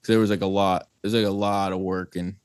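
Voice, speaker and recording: A man's voice: low-pitched, level tone, brisk, darkish tone, clean tone, dry recording, clean studio sound. A young man from New Jersey, a guest, chatting casually on a podcast in a laid-back, rambling way and swearing freely. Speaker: guest, band singer.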